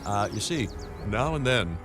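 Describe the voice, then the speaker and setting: Wry game narrator, slow drawl, lively intonation, clear music behind. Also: male voice, lowish voice. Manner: wry, drawling, with scripted hesitations. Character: wry, world-weary male park storyteller. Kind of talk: scripted game voice acting.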